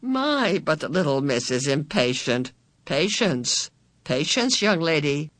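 A narrator voicing a bland, sinister man on a chair who talks in a slow, smooth, patronizing way. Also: medium pitch, big pitch swings, fairly bright tone, no echo. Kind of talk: audiobook character voice.

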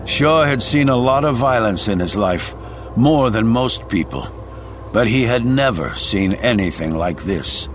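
A man's voice: medium pitch, animated, a little slow, a little hiss or hum. A man reading a thriller audiobook in a dramatic storytelling voice. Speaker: audiobook narrator. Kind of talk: scripted thriller narration.

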